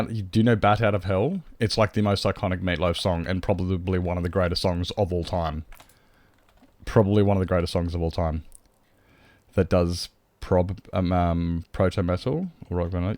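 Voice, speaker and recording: A man's voice: sits low, darkish tone, dry recording. An Australian man streaming a game, chatting casually and answering his chat in a rambling way.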